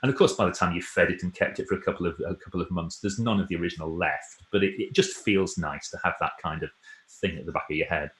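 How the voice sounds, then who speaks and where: A deep-voiced man who works as a presentation trainer and author talks fast in a casual, rambling chat, telling self-deprecating stories and frequently restarting his sentences. His voice is a bit bright, the room is echoey, and there's slight background noise.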